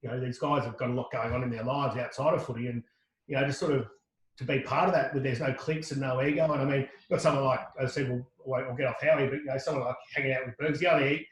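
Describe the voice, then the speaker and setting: A middle-aged Australian man, a podcast guest, tells a lively anecdote full of restarts and quoted dialogue. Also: mid-range voice, fast, reverberant, rough recording. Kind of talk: casual storytelling.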